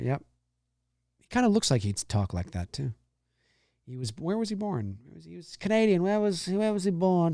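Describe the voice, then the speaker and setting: Rambling live-stream host, lively pitch. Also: male voice, dry recording, clean studio sound. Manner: rambling, many restarts and repeated phrases; drops into low, slow impressions and squeaky high mimicry. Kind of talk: casual live-stream chat reading viewer comments.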